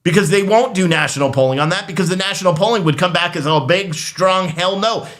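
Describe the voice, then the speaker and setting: Bright, sarcastic ranting man. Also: high-pitched. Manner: rambling, sarcastic, frequent laughs and restarts. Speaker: political commentary host. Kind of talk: casual political rant. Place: studio.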